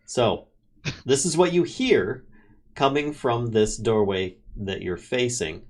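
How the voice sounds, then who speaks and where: Game master, male, mid-pitched narrator, laughs easily, restarts mid-line. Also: takes it slowly. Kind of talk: narrating a tabletop game over a stream.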